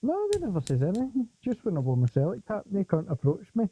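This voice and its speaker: A man's voice: high voice, wildly swooping pitch, fast, mellow, husky, muffled recording. A man with a thick Scottish accent telling sweary, laughing stories in a late-night chat.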